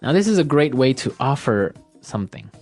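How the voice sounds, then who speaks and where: Guy teaching english phrases in a casual podcast chat, soft music behind. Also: medium pitch, sing-song, a little fast. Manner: explains phrases, repeats them for learners.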